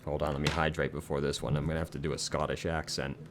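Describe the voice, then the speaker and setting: Deep-voiced, offhand gaming host. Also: male voice, little pitch movement, quick pace, background noise. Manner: offhand, joking, swears casually. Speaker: let's play host. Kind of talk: casual gaming commentary.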